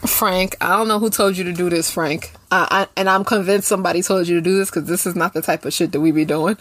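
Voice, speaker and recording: A woman co-hosting a casual chat show, recapping a TV episode in a blunt, profane, lively way. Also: lowish voice, quick pace. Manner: blunt, profane, animated storytelling. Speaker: podcast co-host.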